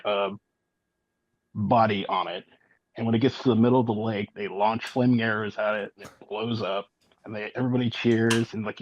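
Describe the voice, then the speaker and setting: A man speaking as an interview guest, telling his story in a halting, matter-of-fact way with many fillers. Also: on the low side, no room sound, muffled recording. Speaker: guest, eyewitness.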